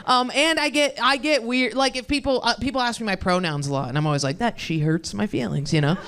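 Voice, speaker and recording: A woman's voice: on the high side, fast talker, fairly bright tone, slight background noise. A young woman performing a stand-up comedy set, rambling and self-deprecating, chatting with the crowd between bits.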